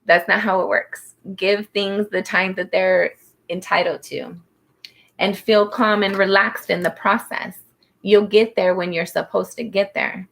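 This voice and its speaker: A woman reading tarot cards in a loose, rambling way, often circling back to calm the listener. Her pitch sits in an ordinary middle range for a woman. She talks with many "like" fillers and a soothing, reassuring manner. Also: vocal fry. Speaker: tarot reader. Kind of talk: casual spoken tarot reading.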